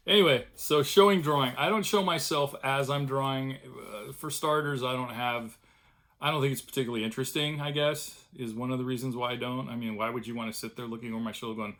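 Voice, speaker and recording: Sitting in his home studio room, a middle-aged cartoonist chats at length for his vlog in a casual, self-deprecating way, using a mid-range voice with a fairly bright tone.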